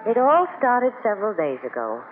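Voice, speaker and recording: A dry-witted farm wife, narrating. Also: female voice, mid-range voice, huge pitch swings, moderate pace, faint music behind. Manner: dry, teasing, firm. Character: steady, wry young woman on a frozen farm. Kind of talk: 1940s radio drama acting. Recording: tinny, hissy old radio broadcast.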